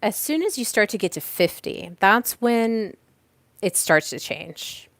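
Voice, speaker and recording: Calling in from home next to a fireplace, a woman who hosts a podcast teaches a live audience about teamwork in a relaxed, chatty style, restarting sentences and offering examples. Her medium-pitched voice is very animated and a bit bright, delivered at a measured pace with no room sound.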